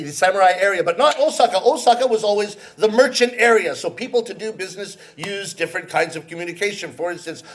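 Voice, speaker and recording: A man from Canada performing comedy storytelling live on a theater stage, playful and teasing the audience. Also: high-pitched. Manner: playful, teasing the audience, acting out quoted voices. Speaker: rakugo storyteller.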